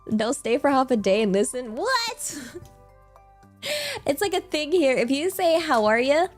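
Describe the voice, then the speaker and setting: A young woman with a British accent talks casually to her stream. She takes her time and rambles, filling her sentences with "like" and small laughs. Soft music plays faintly behind her. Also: high voice, animated, measured pace. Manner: rambling, full of "like" fillers, laughs often. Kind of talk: casual livestream chat.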